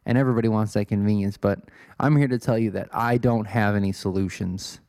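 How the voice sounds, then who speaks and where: A man's voice: fairly low pitch, fairly even intonation, fairly quick, darkish tone, dry recording, clean studio sound. A man in his twenties from Illinois, rambling through a casual, self-deprecating monologue as a podcast host. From Illinois, USA. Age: 20s. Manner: self-deprecating, swears, wanders off topic.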